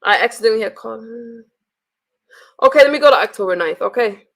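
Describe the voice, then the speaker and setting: Woman, livestreamer, fairly high voice, blunt, profane, exasperated, venting and reading messages aloud. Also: expressive, fast, gravelly, a bit bright.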